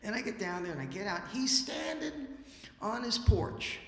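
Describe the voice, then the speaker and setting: A man spinning a live story for an audience, animated and chatty, with a bright, forceful voice. It rings through a roomy hall with a long tail of reverb. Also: high-pitched, normal speed, vocal fry. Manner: lively, acts out dialogue, casual asides. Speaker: musician and storyteller on stage. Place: library event hall.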